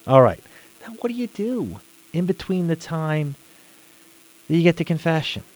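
A man's voice: fairly high pitch, sing-song, normal speed, a little mellow, rough recording. A man giving an earnest religious teaching talk, often repeating words for emphasis.

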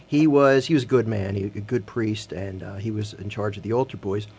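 A man's voice: fairly low pitch, fairly even intonation, breathy edge. Earnest man hosting Catholic radio. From Philadelphia. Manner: earnest, slows down to read scripture softly. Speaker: radio host. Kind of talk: Catholic radio talk and scripture reading. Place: radio studio.

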